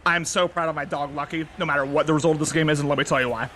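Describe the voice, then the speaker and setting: A young man giving casual play-by-play commentary of a video game, excitable and bursting into shouts on big plays. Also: on the high side, rapid-fire. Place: library. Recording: noisy background.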